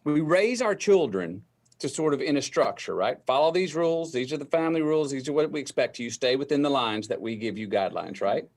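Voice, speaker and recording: Gravelly-voiced man telling a story. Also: mid-range voice, animated. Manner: slow, deliberate storytelling, acting out remembered dialogue. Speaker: guest. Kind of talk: storytelling interview.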